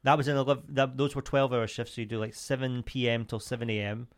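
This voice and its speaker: A man's voice: medium pitch, level tone, fast talker. Jokey man in his thirties. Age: 30s. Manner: jokey, self-mocking storytelling. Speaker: podcast co-host. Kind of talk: casual chat.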